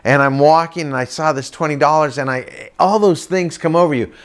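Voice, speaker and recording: A middle-aged man doing stand-up storytelling for a crowd, his voice sitting a little high for a man. He talks in a loose, chatty way and breaks into playful sing-song impressions of the people in his story. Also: brisk. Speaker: comedic motivational speaker. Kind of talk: stand-up storytelling to a live audience.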